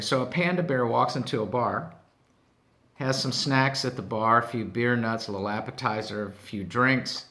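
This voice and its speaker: Deadpan man telling groan-worthy jokes. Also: medium pitch. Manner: deadpan, trailing off softly after punchlines. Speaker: joke-telling host.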